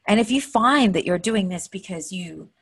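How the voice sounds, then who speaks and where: A woman's voice: medium pitch, expressive, normal speed, a bit bright, slightly rough. A woman hosting her own show, giving an earnest, heartfelt and openly emotional motivational monologue. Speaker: host.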